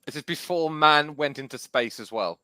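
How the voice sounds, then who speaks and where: A man's voice: on the high side, lively intonation, moderate pace, sharp tone, clean tone. A man with a Geordie accent, reading quiz questions on a podcast, teasing and laughing often. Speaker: quizmaster on a podcast. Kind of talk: casual quiz banter.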